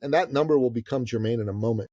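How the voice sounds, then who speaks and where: A man in his fifties, from Iran, telling a story as a guest on an interview podcast, animated, swearing casually and calling the host "bro". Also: medium pitch, racing, dry recording, clean studio sound. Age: 50s. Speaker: guest, business coach.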